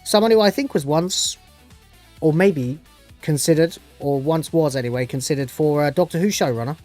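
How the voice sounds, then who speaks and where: A man's voice: fairly high pitch, moderate pace, a little mellow, soft background music. A man giving a casual, rambling TV review, sarcastic and sweary with lots of restarts.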